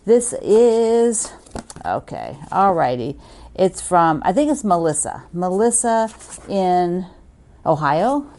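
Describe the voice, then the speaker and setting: A woman's voice: fairly low pitch, sing-song, takes it slowly, darkish tone, a little hiss or hum. A woman hosting a quilting video, chatting casually and gushing as she opens fan mail, laughing often. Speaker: quilting show host.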